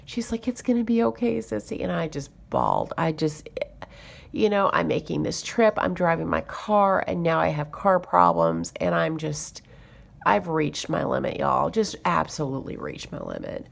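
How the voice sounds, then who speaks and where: Low gravelly woman telling a story. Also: animated, normal speed. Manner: chatty, exasperated retelling with fillers. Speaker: budgeting YouTuber. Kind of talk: casual storytelling to camera.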